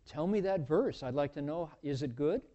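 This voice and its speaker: A man's voice: fairly high pitch, expressive, normal speed, dark tone, muffled recording, natural voice. A man doing a humble young country monk. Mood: earnest. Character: humble illiterate young rice pounder, plain and unassuming.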